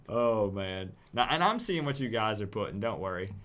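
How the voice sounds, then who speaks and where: A man's voice: on the low side, expressive, moderate pace, a bit bright. Hyped East Tennessee man hosting a stream. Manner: hyped, repeats words, friendly. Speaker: livestream host taking calls. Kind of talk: casual livestream chat.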